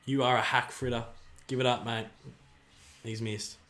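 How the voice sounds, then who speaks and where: An excitable man with an Australian accent hosts a livestream, chatting casually while he cheers and groans at the players in a football match. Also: mid-range voice, moderate pace. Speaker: livestream host. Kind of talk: live watch-along commentary and chat reading.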